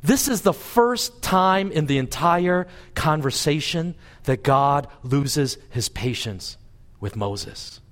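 Male pastor, sermon delivery, higher voice, very animated pitch, plays the story's voices. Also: slow. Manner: animated storytelling, voicing God and Moses with lively pitch swings. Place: church service.

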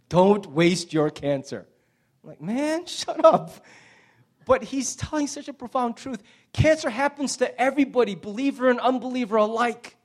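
A middle-aged male pastor preaching a sermon with passion, swinging from loud emphasis to hushed near-whispers. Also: on the high side.

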